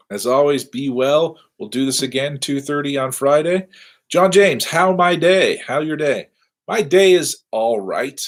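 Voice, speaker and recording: A man's voice: mid-range voice, breathy edge. A middle-aged man giving a casual live-streamed university lecture from his office, rambling and self-deprecating with lots of fillers.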